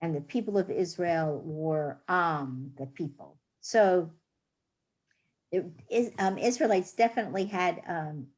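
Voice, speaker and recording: A woman's voice: fairly low pitch, measured pace, darkish tone. A woman teaching a reading class, patiently sounding out words and explaining rules. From United States.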